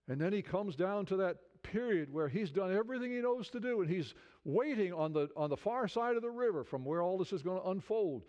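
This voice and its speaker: High-voiced man preaching a sermon. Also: lively intonation, a little fast, few pauses, darkish tone. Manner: conversational preaching, many restarts, rising fervor. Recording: dull lo-fi sound.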